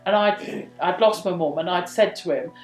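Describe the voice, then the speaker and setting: A woman's voice: on the low side, normal speed, soft background music. Woman telling a story in an echoey room. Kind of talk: casual chat telling a true story.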